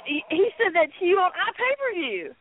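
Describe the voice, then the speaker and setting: A woman co-hosting a wrestling talk show, telling stories in an animated, chatty way with laughs and fillers. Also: very high voice, a little fast, slight background noise. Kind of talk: casual chat. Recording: tinny phone-line sound.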